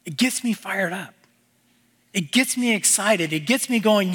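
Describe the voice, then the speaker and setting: A man preaching a sermon as pastor, earnest and repetitive, with his voice falling low at the ends of phrases. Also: lively intonation, a little slow, fairly bright tone, husky, in a large hall.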